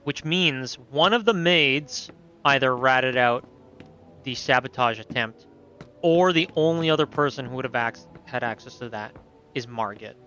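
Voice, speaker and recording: A man's voice: mid-range voice, measured pace, pushed and bright, highs cut off, soft background music. A man giving casual gameplay commentary, thinking aloud and swearing freely. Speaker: let's play host.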